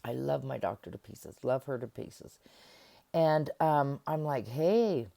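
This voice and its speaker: A woman's voice: rumbling low, a little slow, creaky, mellow. A middle-aged woman giving a casual self-help talk to camera, acting out remembered conversations as she goes. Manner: conversational, acts out remembered dialogue.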